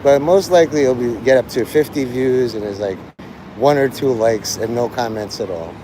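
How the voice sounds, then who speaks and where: A man's voice: medium pitch, normal speed, noisy background. A man chatting crudely and sardonically on a rambling live stream.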